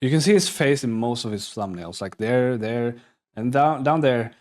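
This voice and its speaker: A man's voice: mid-range voice, animated, moderate pace, darkish tone. A young man, rambling and joking through a live reaction stream, often restarting his sentences. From Poland. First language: Polish. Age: young adult. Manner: rambling and self-mocking, with frequent restarts and swearing.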